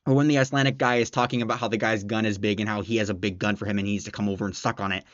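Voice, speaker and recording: A man's voice: lowish voice, fairly even intonation, rapid-fire, no room sound, lo-fi sound. A man giving a casual spoken book review, blunt and exasperated, swearing often and restarting his sentences.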